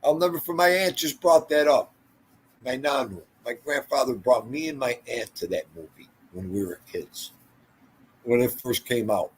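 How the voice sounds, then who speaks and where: A man's voice: medium pitch, breathy edge. An older man hosting a casual livestream, rambling through stories and talking to viewers in the chat by name. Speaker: livestream host.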